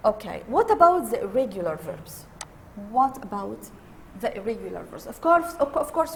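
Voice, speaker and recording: An English teacher whose first language is Arabic gives an online grammar lesson, talking slowly in a fairly high voice. She repeats key words and switches into Arabic to explain, and the audio has a little hiss or hum.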